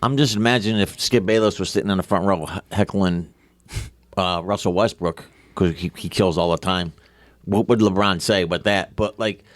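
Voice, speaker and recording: Low-voiced, argumentative male sports co-host. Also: moderate pace, dry recording. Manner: argumentative, frequent "like" fillers, rhetorical questions. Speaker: podcast co-host. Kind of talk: casual sports podcast banter.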